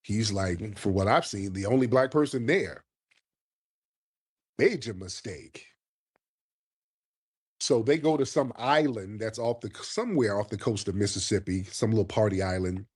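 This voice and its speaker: A man hosting a casual live stream while hoarse from a cold, talking in slang and calling out to his viewers. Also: on the low side, normal speed, long pauses, darkish tone. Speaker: livestream host. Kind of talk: casual livestream commentary.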